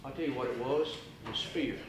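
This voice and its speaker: A man preaching an impassioned sermon in a church, firing rhetorical questions and swinging from hushed tones to near-shouts. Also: mid-range voice, fast talker, background noise. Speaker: evangelist preacher. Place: church auditorium. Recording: echoey church room with faint ambience.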